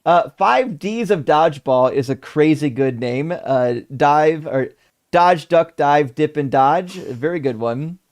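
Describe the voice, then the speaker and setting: A man hosting a live debate stream, reading viewer messages aloud in casual, animated, profane talk with sarcastic asides. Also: on the high side, slow pace. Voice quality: gravelly. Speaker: debate stream host reading super chats.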